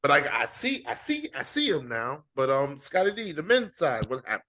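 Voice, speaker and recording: Bright-voiced joking man in banter. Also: fairly high pitch, wildly swooping pitch, a little fast. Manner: playful, teasing, joking banter. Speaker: podcast co-host. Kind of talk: casual sports chat.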